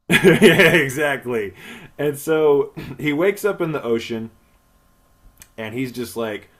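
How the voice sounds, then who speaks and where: A man's voice: mid-range voice, lively intonation, slow, fairly bright tone. A male podcast host recapping a film in casual chat, crude and rambling, swearing often and laughing.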